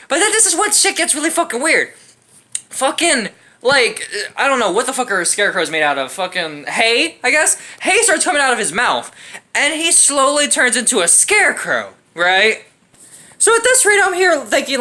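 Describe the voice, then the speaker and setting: A young woman tears into a film in a casual, profanity-laced rant full of sarcasm. Her voice is bright and fairly high, swinging widely in pitch as she riffs. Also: sing-song, fairly quick. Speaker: movie reviewer. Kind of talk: casual comedic movie rant.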